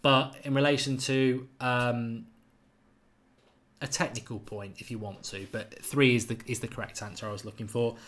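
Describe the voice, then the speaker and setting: A man hosting a live football quiz stream, chatting casually and quickly reading out viewers' names and answers. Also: medium pitch, flat delivery, a bit bright. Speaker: football channel host running a live quiz.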